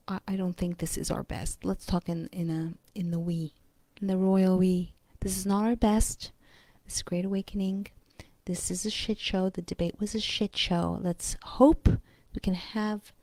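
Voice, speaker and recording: A woman's voice: medium pitch, mellow, dry recording. A woman vlogger chatting casually, rambling and blunt, swearing freely and drifting into asides. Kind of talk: casual chat.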